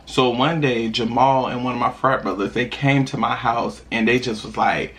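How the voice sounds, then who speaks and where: A young man vlogging while eating, telling a personal story in a chatty, animated way with sudden high laughs. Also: normal speed. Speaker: mukbang vlogger.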